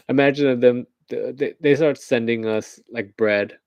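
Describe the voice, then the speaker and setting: A man's voice: medium pitch, fairly even intonation, slow, vocal fry, a little mellow, no echo, highs cut off. A man from the United States giving rambling, joking current-events commentary on a livestream, often laughing at his own jokes.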